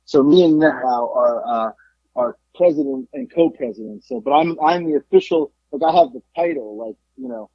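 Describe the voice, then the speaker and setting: A man's voice: mid-range voice, moderate pace, breathy edge, no echo, muffled recording. A man from South Florida co-hosting a podcast, telling a story in casual chat, acting out quotes and swearing freely. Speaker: podcast co-host.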